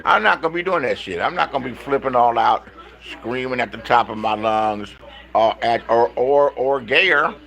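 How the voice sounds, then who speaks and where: A man from Los Angeles ranting on a casual livestream, animated and profane, rambling with many restarts and calling out other streamers directly. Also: mid-range voice, normal speed, gravelly, low-quality recording. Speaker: livestream host.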